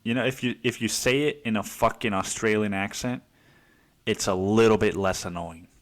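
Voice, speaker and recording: A man's voice: on the low side, fairly even intonation, moderate pace. A man hosting a casual solo podcast, rambling and swearing freely, calling everyone dude. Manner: rambling, profane, calls listeners dude. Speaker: podcast host.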